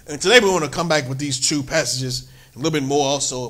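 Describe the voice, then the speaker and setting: A man's voice: on the high side, fast, a bit bright. A man preaching a sermon as pastor, emphatic, peppering his talk with "amen" and lifting his voice when he reads scripture aloud.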